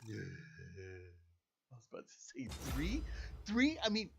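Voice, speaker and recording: A man talking loosely to his viewers while he plays, chatty and quick to poke fun at himself. His voice sits a little high for a man and swings widely in pitch, jumping up when he gets excited. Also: slight background noise. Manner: chatty, self-deprecating, excitable. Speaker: gaming YouTuber. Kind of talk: casual gameplay commentary.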